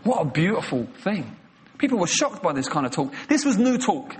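A man delivers a sermon in an impassioned, emphatic voice that sits a little higher than most men's. He retells scenes vividly and leans hard on his key phrases. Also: very animated, brisk, slight background noise. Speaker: preacher.

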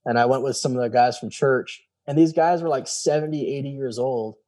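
A man's voice: mid-range voice, a little fast. A man telling a personal story in casual talk, acting out quoted dialogue with lots of fillers. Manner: animated, acts out quoted dialogue; many fillers and repeated "I was like". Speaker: guest telling his story.

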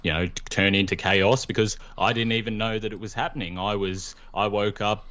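A man's voice: lowish voice, fairly even intonation, a little fast, a bit bright. A man, a guest reporter, recounting events in rambling casual chat. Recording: dull lo-fi line.

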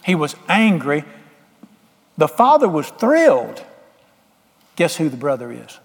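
A man's voice: on the high side, very animated, normal speed, long reverb tail. A man preaching a sermon, folksy, plain-spoken and emphatic with homespun sayings. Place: church sanctuary.

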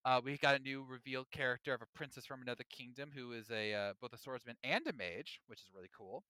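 Bright, crisp-voiced man rambling excitedly. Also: mid-range voice, fast, no room sound. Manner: rambling, filler-heavy, animated. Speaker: podcast co-host. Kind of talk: casual chat.

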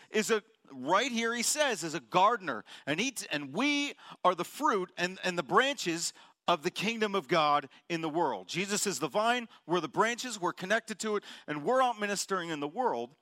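A man's voice: high voice, animated, moderate pace, bright, forceful tone, no echo, clean studio sound. A man in his forties preaching a sermon in a conversational way, joking with the congregation and firing off emphatic questions. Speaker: pastor.

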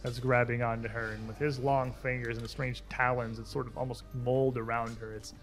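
A man runs a tabletop game as game master, switching between rules calls and vivid scene narration. His voice sits at an ordinary middle pitch. Faint music plays underneath. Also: level tone, brisk. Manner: descriptive, rules talk mixed with scene narration.

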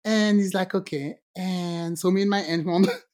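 Lively woman telling a strange story, a bit low-pitched. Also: moderate pace. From Guadeloupe, French Caribbean. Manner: animated, acts out quoted voices, many restarts. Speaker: podcast co-host telling a story. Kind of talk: casual storytelling chat.

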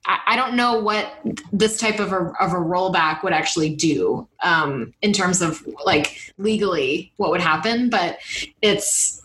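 A woman co-hosting a podcast, giving indignant political commentary with halting restarts and some swearing. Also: lowish voice, animated, a bit bright, slight background noise, poor audio. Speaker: podcast co-host.

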